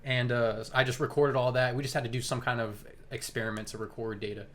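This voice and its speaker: A young man co-hosting a podcast, telling school stories in a relaxed way, laughing and swearing casually. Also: mid-range voice, fast. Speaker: podcast co-host. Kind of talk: casual chat.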